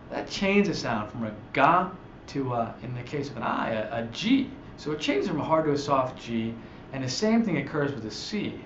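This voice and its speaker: Male language teacher, patient and halting, stretches out examples; echoey, dull, slightly hissy recording. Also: medium pitch, fairly bright tone. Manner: patient, explains slowly with many fillers and restarts; stretches out example words for emphasis. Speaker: Italian teacher. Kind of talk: slide-based grammar lesson. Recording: echoey room, dull audio, faint hiss.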